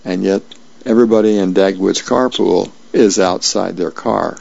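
A man reading newspaper comics aloud as a volunteer reader, in a plain, unhurried way with small slips. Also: low voice, fairly even intonation, creaky, darkish tone, no room sound. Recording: dull lo-fi radio recording.

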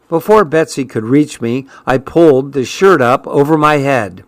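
A man narrating an audiobook in a steady, even reading voice at a middle pitch. The recording is dry and close, with no room sound. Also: moderate pace, few pauses, no echo.

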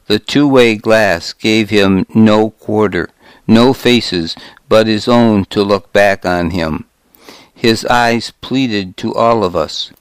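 A man narrating a first-person story in a measured, wry audiobook reading on a close microphone. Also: fairly low pitch, smooth, no room sound.

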